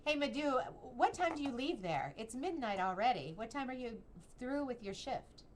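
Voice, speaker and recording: A woman's voice: high-pitched, animated, normal speed, a little hiss or hum. A woman co-hosting a live call-in show, asking friendly questions and encouraging a caller. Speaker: co-host.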